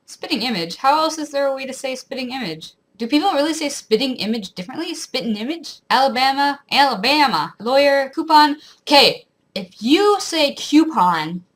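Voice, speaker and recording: Young woman, rural Ontario accent, fairly high voice, very lively pitch, chatty vlog at home. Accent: rural southwestern Ontario. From rural southwestern Ontario, Canada. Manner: chatty, reads words from a list and comments on them. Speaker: vlogger. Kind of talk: casual accent tag vlog.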